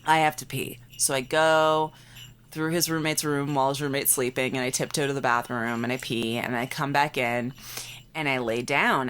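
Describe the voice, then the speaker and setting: Woman in her late 20s, low voice, chatty ghost story full of "like"s, bit of faint hiss behind. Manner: animated, acts out quotes, many "like" fillers. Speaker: podcast co-host. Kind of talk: casual storytelling.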